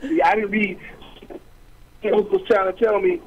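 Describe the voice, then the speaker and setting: Fast-talking animated man, muffled radio sound. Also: high voice, a little hiss or hum. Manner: animated, acts out quoted voices, streetwise slang. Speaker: guest author. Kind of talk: storytelling in an interview.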